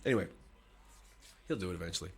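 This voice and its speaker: A man's voice: low voice, animated, quick pace, slightly rough. A man hosting a live stream, chatting casually with his viewers, swearing often and teasing them with bursts of laughter.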